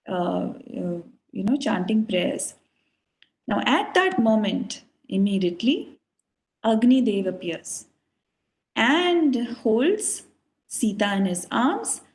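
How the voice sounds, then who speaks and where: A woman's voice: fairly high pitch, a little mellow, low-quality recording. A woman teacher telling a sacred story to a children's class, earnest and full of fillers. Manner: earnest, with many fillers and restarts.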